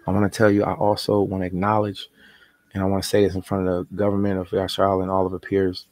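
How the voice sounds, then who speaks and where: A man's voice: low voice, completely flat delivery, fast, darkish tone, no room sound. A man leading a spoken prayer, chanting repeated invocations and confessing his faults. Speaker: prayer leader.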